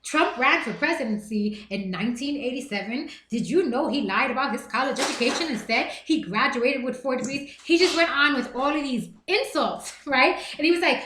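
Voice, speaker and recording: Emphatic high-voiced woman streamer. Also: fairly quick, few pauses, roomy sound, background noise. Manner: animated, emphatic, repeats words for emphasis. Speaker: livestream host. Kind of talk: casual live-stream chat.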